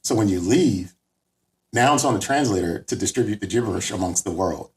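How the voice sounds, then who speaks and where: A man co-hosting a podcast, riffing in a laid-back, deadpan way. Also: lowish voice, brisk. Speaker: podcast co-host. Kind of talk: casual comedic podcast banter.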